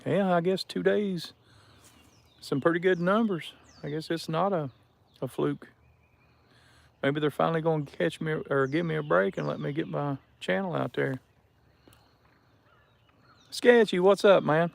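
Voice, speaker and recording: Guy on a live stream by the river, kinda high voice w/ lots of gravel in it, just chatting up viewers. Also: moderate pace. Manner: chatty, greets viewers by name. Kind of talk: casual live-stream chat. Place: outdoors by a river.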